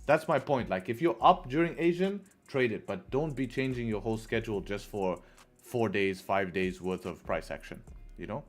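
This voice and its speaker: A man's voice: on the low side, normal speed. Laid-back man hosting a trading stream. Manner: laid-back, chatty, reads chat aloud. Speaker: live-stream trading host. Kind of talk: casual live-stream commentary. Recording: faint music behind.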